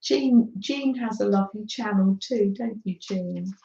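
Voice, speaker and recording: Slow-talking woman, chatty crafter. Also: mid-range voice, gravelly, dark tone. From Britain. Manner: chatty, laughs often, greets viewers by name. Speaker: craft livestream host. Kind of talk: casual live crafting chat with viewers. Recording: slightly dull, roomy livestream audio.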